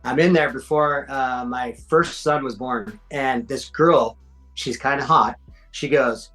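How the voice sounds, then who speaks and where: A man's voice: mid-range voice, fairly even intonation, unhurried, a bit bright, faint music behind, poor audio. A man in his forties, a podcast guest, telling stories in casual chat, slangy and swearing, acting out quotes. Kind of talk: casual storytelling.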